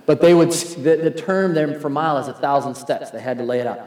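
Animated preacher man in an echoing hall. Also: fairly high pitch, fast talker. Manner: animated, acts out quoted voices. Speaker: pastor. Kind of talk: sermon. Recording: echoey hall, long reverb.

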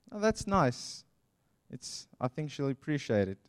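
Slow, earnest man preaching. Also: medium pitch, big pitch swings, clean tone, no echo. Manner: earnest, pastoral, with emphatic slowed phrases. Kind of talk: sermon.

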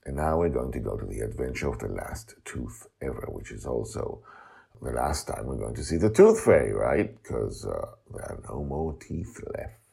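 A man's voice: very deep voice, big pitch swings, moderate pace, vocal fry, warm tone, husky. A man hosting a podcast, telling a storybook tale in a rambling, casual way with asides. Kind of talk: casual chat and storybook narration.

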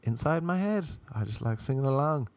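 A man's voice: mid-range voice, expressive, a little fast, darkish tone. A young man hosting a podcast, rambling through comic stories, swearing freely and acting out the voices in them. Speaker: podcast host. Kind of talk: casual comedic monologue.

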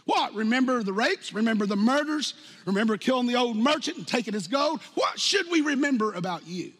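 A man in his fifties preaching a sermon as pastor, animated, jumping from loud outbursts to hushed lines and acting out quotes. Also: very high voice, brisk, husky. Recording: long hall reverb.

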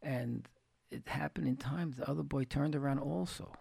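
Gravelly man telling a moral story. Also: mid-range voice, moderate pace, a little mellow, no echo, clean studio sound. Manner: repeats key phrases for emphasis; folksy, retells anecdotes with quoted dialogue. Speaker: religious teacher. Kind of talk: storytelling Torah talk.

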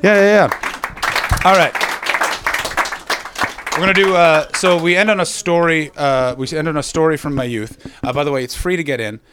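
A man's voice: fairly high pitch, normal speed, fairly bright tone, some chatter behind, slight background noise. A man from Canada, doing live stand-up and teasing the audience with brash, profane banter. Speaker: stand-up comedian. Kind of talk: live stand-up with crowd work.

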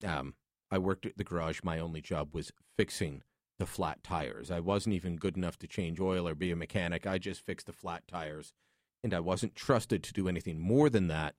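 A man's voice: low voice, normal speed, no echo, studio quality. A man hosting a call-in radio talk show, chatting in a casual, opinionated way.

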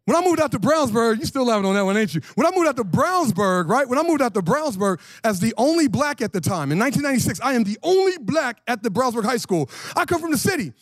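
Male pastor in his 40s, very high voice, dry close sound, casual slangy sermon. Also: fast talker, hardly any pauses, no room sound. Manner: animated, slangy, asks the congregation questions. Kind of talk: lively conversational sermon.

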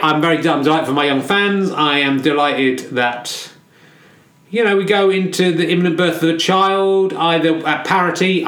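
A man's voice: a little high, a bit bright, close to an everyday voice. Man voicing a cocky male snooker player, rambling and boastful; echoey room. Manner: boastful, rambling post-match interview answers. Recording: echoey room with faint noise.

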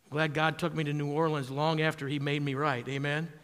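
A high, bright-voiced man preaches a lively sermon, calling out for amens and rising to shouts at the big moments. He is from southwest Wisconsin. His voice rings with a long hall reverb. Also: brisk, smooth. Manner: animated preaching, calls for amens, shouts at peaks. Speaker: pastor.

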